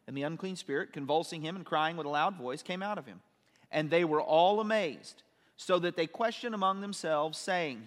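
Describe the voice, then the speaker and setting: A man's voice: fairly high pitch, a bit bright, long reverb tail. A man teaching a sermon, reading scripture aloud and explaining it with questions to his listeners. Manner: explains and asks questions, reads verses aloud. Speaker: preacher.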